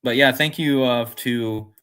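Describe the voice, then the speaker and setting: A man's voice: medium pitch, steady tone, unhurried, fairly bright tone, clean tone. Man musing aloud on a livestream. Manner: rambling, musing aloud, reads chat comments. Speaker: livestream host. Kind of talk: casual livestream talk.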